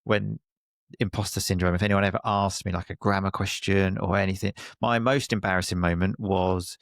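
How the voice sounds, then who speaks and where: A man with a softened Essex accent talks in a relaxed, chatty way, often laughing at himself. His voice sits low with a gravelly edge. The sound is dry and close to the mic. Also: brisk, no room sound. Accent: Essex English, softened. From Essex, England. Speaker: guest, English teacher and podcaster. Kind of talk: casual conversation.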